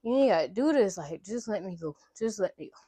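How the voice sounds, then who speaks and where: A woman voicing a captive young man, pleading softly in a lowered voice. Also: unhurried, lightly acted. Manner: soft, low, pleading. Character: desperate young man held captive, begging.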